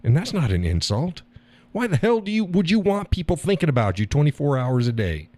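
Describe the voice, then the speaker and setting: A man's voice: on the high side, very animated, brisk, a little mellow. A middle-aged man hosting a live stream, talking bluntly with profanity and frequent laughter. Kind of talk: casual monologue. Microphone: audio call or stream mic.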